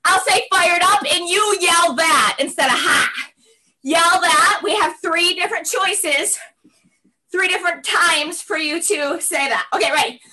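High, bright-voiced woman coaching a workout. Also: a little slow. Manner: energetic shouted coaching cues. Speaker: fitness instructor. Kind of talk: leading a workout class. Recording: voice distant from mic, music behind.

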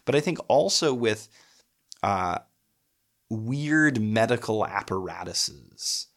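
A man giving a lecture on poetry, thoughtful, with frequent filler pauses, reading verse aloud. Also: on the low side, expressive, gravelly. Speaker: literature lecturer.

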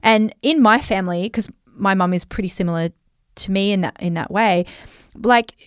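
A woman's voice: mid-range voice, normal speed, clear, resonant tone, no room sound, clean studio sound. An Australian woman coaching listeners on money in a chatty, reflective way, with many fillers. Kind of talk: talking straight to listeners.

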